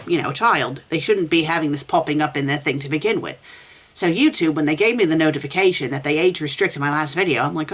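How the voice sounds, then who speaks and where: A woman with a low-pitched but very lively voice, reading fan fiction aloud for a comedic review. She talks in a sarcastic, exasperated way, and her delivery swings widely in pitch as she mocks what she reads.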